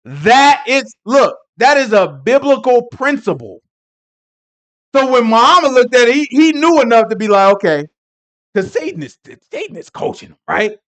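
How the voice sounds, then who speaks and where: A man teaching a Sabbath Bible lesson in an animated, rambling way, laughing often and breaking into emphatic asides. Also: extremely high pitch, moderate pace.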